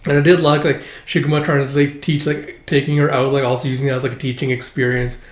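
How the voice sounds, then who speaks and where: A man's voice: medium pitch, level tone, fast talker. A man casually reading through a comic chapter and giving his opinion, with many filler words. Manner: rambling, lots of filler words. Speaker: manga reviewer. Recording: roomy echo.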